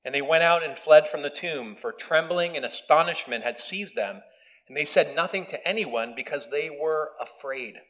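A man's voice: fairly high pitch, normal speed, fairly bright tone, rough recording. Conversational man preaching a sermon. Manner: conversational, self-deprecating, with restarts. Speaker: pastor. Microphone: video recording.

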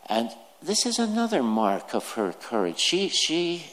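Slow-preaching man in a reverberant hall. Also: on the high side, huge pitch swings, fairly bright tone. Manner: slow and deliberate, asks the listeners questions. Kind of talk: sermon.

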